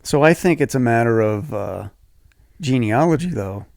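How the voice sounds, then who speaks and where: A man's voice: mid-range voice, animated, normal speed, vocal fry, darkish tone, no echo, clean studio sound. A man in his forties from southeastern Massachusetts, co-hosting a podcast and telling stories in a loose, casual way with some swearing. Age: 40s. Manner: loose, profane storytelling. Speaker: podcast co-host. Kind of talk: casual chat.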